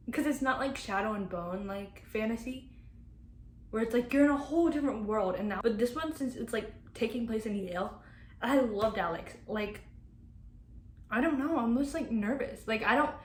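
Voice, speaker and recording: A young woman with a slightly high voice chats excitedly about what she has been reading. She rambles, piles up fillers and swears freely in a loose, casual way. A faint hiss sits under the recording. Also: poor audio. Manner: rambling, filler-heavy, excitable retelling with frequent likes and swearing. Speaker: book vlogger. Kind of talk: casual chat.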